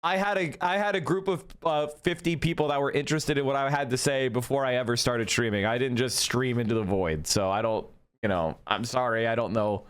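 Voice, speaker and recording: A man's voice: mid-range voice, a little fast, clear, resonant tone. A man talking on his own stream in a clip, arguing his points sarcastically. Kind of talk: casual stream commentary.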